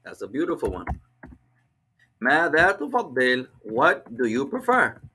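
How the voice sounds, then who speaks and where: Bright-voiced male teacher, encouraging. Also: medium pitch, wildly swooping pitch, moderate pace, breathy edge. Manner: encouraging, repeats and explains patiently. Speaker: language teacher. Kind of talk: online class instruction.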